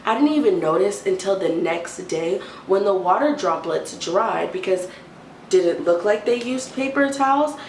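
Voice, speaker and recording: A young adult woman telling an exasperated storytime rant, animated and mimicking a timid whisper now and then. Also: medium pitch, normal speed. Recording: roomy, distant, faint hiss.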